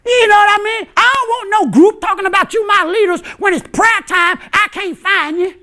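A pastor preaching an impassioned, colloquial sermon, shouting in bursts and chuckling between points. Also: male voice, extremely high pitch, moderate pace. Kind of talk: fiery sermon.

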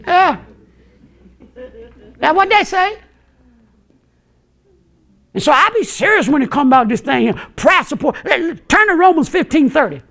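A man preaching a fiery sermon in a strikingly high voice that rises into bursts of shouting. His tone is bright and forceful, loose and colloquial as a pastor, with chuckles breaking in between points. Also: lively intonation, moderate pace, gravelly, long pauses.

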